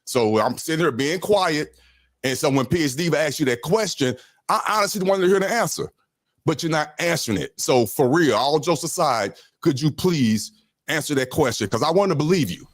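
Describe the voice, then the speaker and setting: A man on a podcast panel, speaking earnestly and calmly, with halting repeated words. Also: a little high, no echo, clean studio sound.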